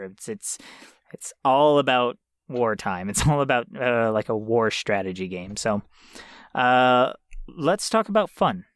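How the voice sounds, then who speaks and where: A man's voice: medium pitch, no echo, studio quality. A man co-hosting a podcast in casual chat, earnest and opinionated, now and then swearing. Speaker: podcast co-host.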